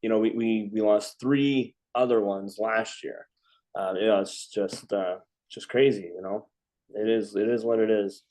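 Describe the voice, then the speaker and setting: A man hosting a casual talk among veterans, speaking haltingly with many restarts. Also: on the low side, steady tone, mellow. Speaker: host, veteran. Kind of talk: casual conversation.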